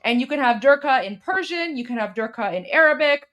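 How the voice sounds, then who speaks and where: A woman's voice: sits high, expressive, fairly quick, few pauses, fairly bright tone. A woman co-hosting a live stream, chatting casually and bluntly as she reads out viewer messages, with plenty of "like" and "um".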